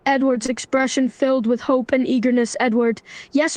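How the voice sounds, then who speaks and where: A text-to-speech woman's voice, narrating a melodramatic role-play story and speaking its lines in an even, scripted way. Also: sits high, moderate pace, no room sound. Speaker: AI chatbot narrator.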